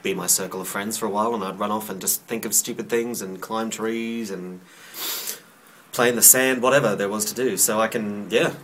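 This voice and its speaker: A young man talks straight to the camera in a loose, rambling vlog. His voice sits a little low, and he is chatty, playful and quick to poke fun at himself. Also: fairly even intonation, a bit bright, a little hiss or hum. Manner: chatty, playful, self-mocking. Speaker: vlogger. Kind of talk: casual rambling monologue to camera.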